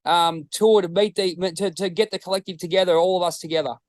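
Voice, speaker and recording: Aussie guy rambling on a podcast, swears a lot, higher voice, dry close sound. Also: steady tone, quick pace, dry recording, low-quality recording. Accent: Australian. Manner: rambling, swearing, restarts often. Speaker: podcast co-host. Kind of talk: casual chat.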